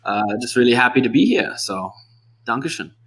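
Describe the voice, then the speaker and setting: A man's voice: medium pitch, very animated, brisk, fairly bright tone. A man putting on a playful comic persona with a thick, hard-to-follow German accent. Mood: jokey. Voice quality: heavy foreign accent, hard to understand. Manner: playful, jokey.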